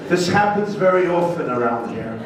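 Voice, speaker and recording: A man's voice: on the high side, animated, normal speed, a loud crowd, pitched above the performer's own voice, lightly acted. A man voicing a tender, reassuring woman in her eighties. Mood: soothing. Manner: soothing, reassuring. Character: tender soothing eighty-nine-year-old woman. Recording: echoey banquet hall from far off, noisy.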